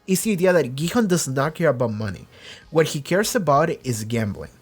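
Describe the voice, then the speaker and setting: A man's voice: a little high, lively intonation, a little fast, husky, soft background music. A man hosting a reaction channel, rambling through casual commentary with many restarts and acting out quotes. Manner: acts out quoted characters.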